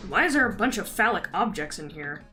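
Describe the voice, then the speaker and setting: A woman's voice: mid-range voice, sing-song, fairly quick, pushed and bright, faint music behind. A woman bantering bluntly with a streamer friend, exasperated and swearing now and then. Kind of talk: casual banter.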